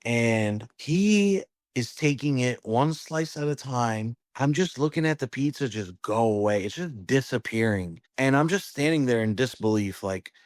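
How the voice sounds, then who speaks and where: Animated storytelling man, dry sound. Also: mid-range voice, a little slow, dry recording. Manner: animated, acts out quotes with "like" and "dude". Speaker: pizzeria owner, guest. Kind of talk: casual storytelling.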